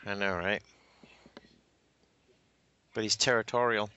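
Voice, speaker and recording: A man with a lowish but sharp, forceful voice riffs loosely with friends over a movie, dropping jokes and trailing fillers. The sound is dull and lo-fi, with a faint hiss underneath. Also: steady tone, slow. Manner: loose, joking, filler-heavy. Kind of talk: casual chat with laughs. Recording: dull lo-fi home recording.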